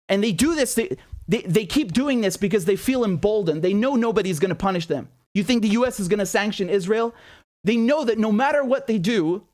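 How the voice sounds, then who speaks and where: High-voiced man, angry commentary. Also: a little mellow. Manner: indignant, fires rhetorical questions. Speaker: political commentator. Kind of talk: impassioned political commentary.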